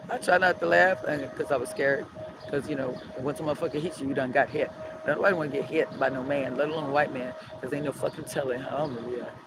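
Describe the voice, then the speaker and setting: A middle-aged woman with a New Orleans accent, ranting profanely and heatedly on a live stream from a city street at dawn, filmed on a phone. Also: low voice. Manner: heated, profane, animated storytelling with sing-song chanting. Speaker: street vlogger. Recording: loud outdoor city traffic noise.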